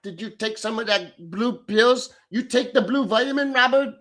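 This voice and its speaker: A man putting on the voice of a gushing young bar girl in her twenties, breathy and swooning. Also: extremely high pitch, moderate pace, pushed and bright, voice pushed up.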